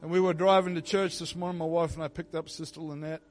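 A man preaching to a church congregation, his voice pitched somewhat high for a man. He moves between hushed, thoughtful teaching and loud, impassioned prayer, with soft instrumental music playing underneath. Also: level tone, fast. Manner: builds from quiet reflective preaching to loud fervent prayer. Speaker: pastor. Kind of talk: sermon. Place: church sanctuary.

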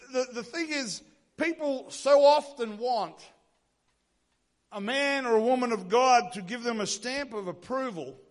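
Guy preaching, kinda high voice, tells the bible story like he's acting out the parts. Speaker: pastor. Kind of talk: sermon.

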